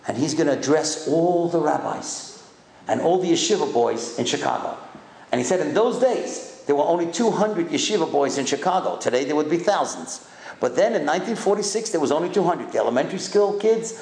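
A man's voice: fairly high pitch, creaky, darkish tone. An older man, a rabbi, giving a sermon as an impassioned storyteller who urges his congregation with rhetorical questions. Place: hall with a congregation. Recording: echoey room.

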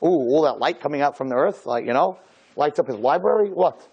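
A man who is a rabbi, giving a lively Torah lecture to a group, acting out little dialogues and firing off rhetorical questions. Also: a little high, fairly quick, husky, highs cut off.

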